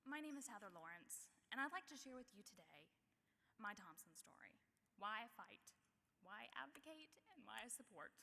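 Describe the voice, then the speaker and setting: Woman, emotional advocate, bright higher voice, speech in a reverberant hall. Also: gravelly. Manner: emotional, pausing to steady herself. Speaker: advocate and speaker. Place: large banquet hall.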